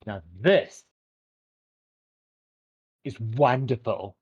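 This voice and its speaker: A man's voice: mid-range voice, a little mellow, slightly rough, highs cut off. A man voicing a flamboyant, androgynous fashion shop owner who gushes and fusses over customers in a tabletop game. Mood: gushing. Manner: theatrical, drawn-out, fussing over everyone.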